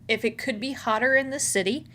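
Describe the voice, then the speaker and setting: A woman's voice: a little high, a little fast, bright, forceful tone, a little hiss or hum. Woman narrating as game master. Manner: descriptive, laughs often.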